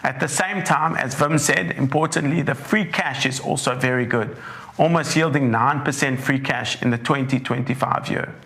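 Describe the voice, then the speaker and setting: A man, a portfolio manager with a croaky, hoarse throat, giving a measured webinar presentation that walks through charts. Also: mid-range voice, fairly bright tone. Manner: measured, leans on "importantly", walks through slides.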